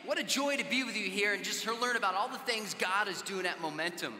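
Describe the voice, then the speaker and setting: A man's voice: sits high, fast, long reverb tail, heavy background noise. A man from Southern California speaking to a youth conference, telling conversational stories and acting out the dialogue. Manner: conversational, acts out dialogue in anecdotes. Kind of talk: storytelling talk to a youth audience. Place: large conference hall.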